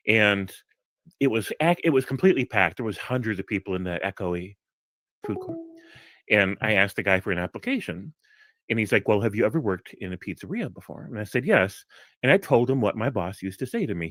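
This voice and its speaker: A man on a live discussion call telling a funny anecdote, laughing often and lifting his voice for quotes. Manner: animated storyteller, laughs often, breaks into higher quoted voices. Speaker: guest on a live discussion stream.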